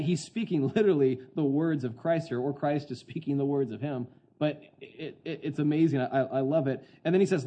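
A man preaching an expository sermon in an excitable, conversational way, often putting questions to the congregation. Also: medium pitch, slightly rough, muffled recording. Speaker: pastor.

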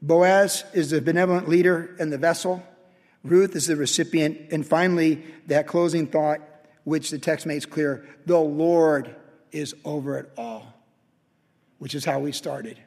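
Husky pastor preaching in a hall. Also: male voice, fairly high pitch, moderate pace. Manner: storytelling, swings from quiet to loud excited peaks. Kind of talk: sermon.

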